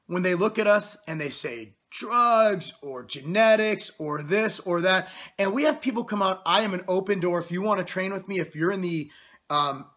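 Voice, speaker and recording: Man in his thirties, fitness vlogger, blunt profane motivational rant; bright, husky tone. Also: sits high, lively intonation, moderate pace. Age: 30s. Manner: blunt, profane, intense pep talk.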